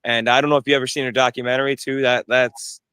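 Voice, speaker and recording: A man's voice: mid-range voice, level tone, fast, pushed and bright, clear, resonant tone, dry recording. A young man, a fighter being interviewed, talking casually with many restarts and fillers. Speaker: bare-knuckle fighter, interview guest.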